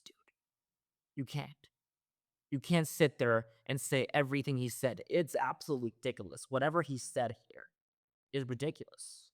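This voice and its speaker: A man's voice: medium pitch, moderate pace, no room sound, studio quality. A man hosting a wrestling reaction show, ranting heatedly with lots of profanity and repeated phrases. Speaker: wrestling commentary host.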